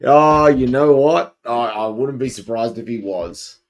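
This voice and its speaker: Slow, laid-back man chatting. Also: mid-range voice. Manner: laid-back, laughs at stories, says mate. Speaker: podcast co-host. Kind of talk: casual comedic chat.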